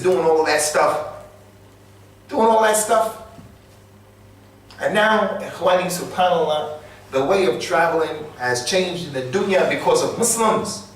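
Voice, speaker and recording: A man's voice: high voice, a little hiss or hum. A man giving an emphatic sermon in a small mosque, repeating his key phrases for weight. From United States. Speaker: Islamic lecturer. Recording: echoey room, distant mic.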